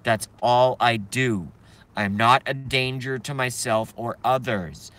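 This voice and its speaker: Bright-voiced man ranting in his car. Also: mid-range voice, unhurried. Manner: agitated, swearing ranter. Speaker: live streamer. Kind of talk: ranting live stream. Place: parked car.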